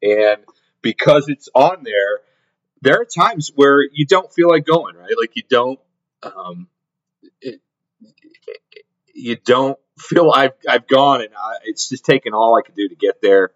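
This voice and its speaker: Speaking a little slowly in an expressive, medium-pitched voice, the middle-aged podcast host meanders through a casual story with plenty of restarts and repeated words. The recording is lo-fi and somewhat dull.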